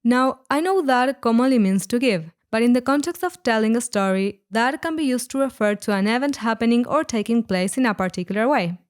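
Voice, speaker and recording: A woman narrating a scripted language lesson, explaining words clearly and slowing down on each example. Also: fairly high pitch, expressive. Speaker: Spanish teacher.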